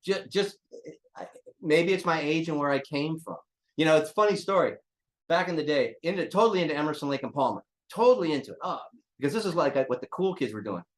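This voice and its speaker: Older man, casual interview talk, blunt, joking, swears, slightly raised pitch. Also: animated, quick pace. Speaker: drummer guest.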